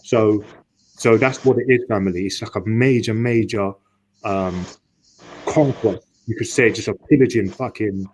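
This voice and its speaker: A man's voice: fairly low pitch, moderate pace, slight background noise, rough recording. A man talking at length in a casual online discussion. He repeats and restarts his words often and swears for emphasis. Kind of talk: rambling casual monologue.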